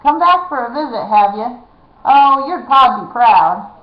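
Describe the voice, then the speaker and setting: A woman voicing a hearty, hard-of-hearing old man who catches rats, talking loudly in rough country dialect. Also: lively intonation, measured pace. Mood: booming, hearty. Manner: loud, booming, country dialect. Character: old deaf male rat catcher, hearty. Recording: echoey, dull lo-fi room.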